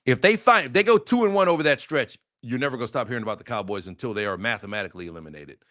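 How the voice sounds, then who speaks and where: A man's voice: mid-range voice, lively intonation, very fast, a bit bright. A man co-hosting a sports talk show, debating football casually and thinking aloud with frequent restarts.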